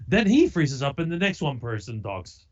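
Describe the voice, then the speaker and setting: A podcast co-host talks in casual chat, rambling and swearing with exasperation. The pitch swings widely from phrase to phrase. The audio sounds slightly dull and lo-fi. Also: big pitch swings, moderate pace.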